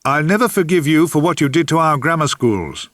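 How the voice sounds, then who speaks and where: A respectable middle-aged man, stiff and aggrieved, with a slightly raised, lively voice, as an older narrator puts him on. The sound is close and dry. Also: on the high side, fairly quick, no room sound, pitched above the performer's own voice. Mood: indignant. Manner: stiff, aggrieved, then formally polite.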